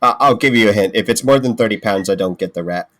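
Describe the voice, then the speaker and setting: A man's voice: on the low side, fast talker, a bit bright. A man playing a tabletop game, tossing off casual, joking remarks. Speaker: player.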